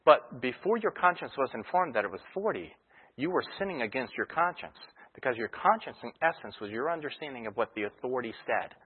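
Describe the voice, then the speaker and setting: This pastor's mid-range, husky voice moves briskly with lively intonation. He teaches his sermon conversationally, leaning on everyday examples, and comes through a tinny radio broadcast that sounds like a phone line.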